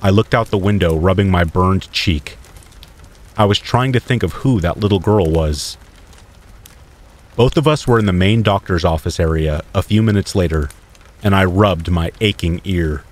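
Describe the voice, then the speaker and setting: Deep-voiced man telling a horror story. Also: normal speed. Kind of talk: scripted first-person horror narration.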